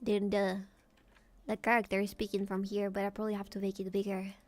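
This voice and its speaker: A woman's voice: medium pitch, monotone, brisk, darkish tone, faint music behind. A woman streamer chatting casually and jokily while she sketches, thinking aloud as she goes. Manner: playful, jokey, thinking aloud.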